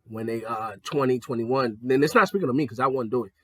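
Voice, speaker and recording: A young adult man telling profane stories in a casual monologue, jumping between high excited tones and low mocking ones. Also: quick pace, no room sound, clean studio sound. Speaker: podcast host.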